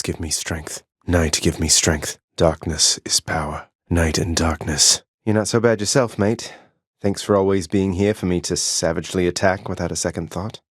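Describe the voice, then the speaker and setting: An actor playing an earnest, wry young prince of the underworld in a video game, polite with dry teasing, recorded in a studio booth. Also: male voice, deep voice, no echo. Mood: terse.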